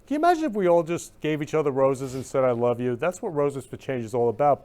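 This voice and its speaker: A man hosting a live-stream talk show, overflowing with affection. He gushes and gets emotional, repeating loving greetings again and again. His voice sits at an ordinary middle pitch. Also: big pitch swings, fast talker, hardly any pauses, mellow. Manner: effusive, repeats "love you" over and over; emotional, gushing. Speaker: host.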